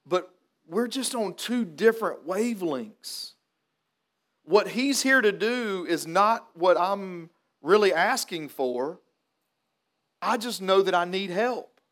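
High-voiced pastor, folksy. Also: male voice. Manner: folksy, animated storytelling that turns to earnest preaching. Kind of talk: funeral sermon with storytelling.

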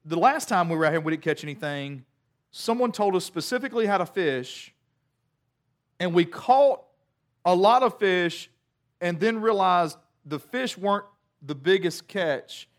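A man with a high voice delivers a sermon, telling the story with animated humor. His delivery is lively and conversational, with jokes dropped in along the way. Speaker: preacher.

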